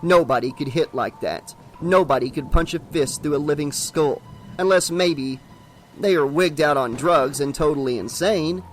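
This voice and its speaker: A man narrating a horror novel as an audiobook, steady and dramatic. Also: a little high, moderate pace, faint music behind.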